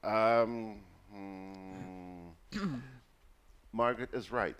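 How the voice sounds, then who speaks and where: Deep-voiced Grenadian radio host. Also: male voice, extremely slow, a bit bright, clean tone. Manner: storytelling, acts out a caller's high voice. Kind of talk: call-in radio talk.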